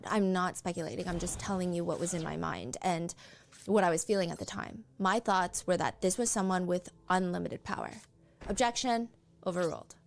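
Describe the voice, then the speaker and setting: A woman's voice: mid-range voice, vocal fry, a little hiss or hum. A woman giving a casual commentary recap and reading court testimony aloud. She talks conversationally and says "like" often. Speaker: streamer recapping a trial.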